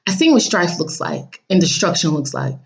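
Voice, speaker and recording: A woman's voice: low voice, big pitch swings, normal speed, creaky. A woman casually telling her viewers about a dream, blunt and sassy, acting out what people said in raised voices. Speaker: vlogger recounting a dream.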